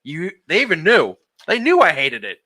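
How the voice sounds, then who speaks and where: A man's voice: a little high, wildly swooping pitch, moderate pace, pushed and bright, breathy edge. A young man, a podcast co-host, telling a long story in casual group chat, swearing and laughing as he goes.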